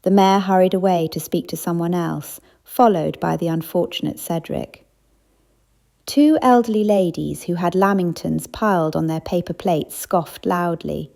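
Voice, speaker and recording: A woman narrating a cozy mystery audiobook, giving the characters small lifts in pitch. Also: normal speed, creaky, a little mellow. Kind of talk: scripted narration.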